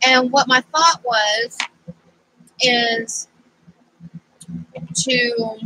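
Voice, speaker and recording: A woman chats unhurriedly to her camera while crafting at home, drifting off on tangents as she goes. Her voice is bright and sits a bit high for a woman. A faint background hiss runs under the camera-mic sound. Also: drawn-out words, rough recording. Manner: rambling and chatty, easily sidetracked. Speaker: craft vlogger. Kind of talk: casual crafting chat to camera.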